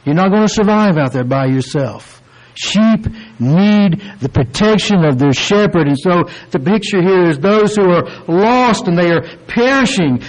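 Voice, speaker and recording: A man preaching a sermon, explaining scripture in an earnest, deliberate way and drawing out key words. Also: high-pitched, animated, low-quality recording. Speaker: pastor.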